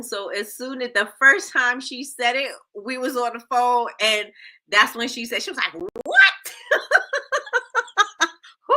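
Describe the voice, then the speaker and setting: Bright-voiced woman hosting a lively stream. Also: medium pitch. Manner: lively, laughs often, reads chat aloud. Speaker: host of a live stream show. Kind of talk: casual live-stream chat, reading comments.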